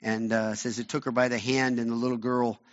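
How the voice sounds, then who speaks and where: A man's voice: medium pitch, flat delivery, a little fast. A male pastor preaching a sermon, retelling a Bible story in an earnest, conversational way. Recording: dull lo-fi recording.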